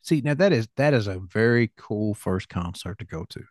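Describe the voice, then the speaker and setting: A middle-aged man with a country Southern accent, hosting a podcast and telling relaxed, rambling stories. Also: fairly low pitch, normal speed, no room sound, clean studio sound. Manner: relaxed, rambling anecdotes with fillers. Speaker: podcast host. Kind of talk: casual podcast chat.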